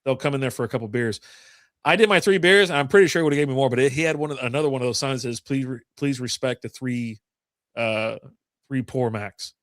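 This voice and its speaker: A drawling man co-hosts a podcast, chatting casually over beers, rambling through stories and swearing freely. His mid-range voice is fast and fairly bright, captured with studio quality and no echo.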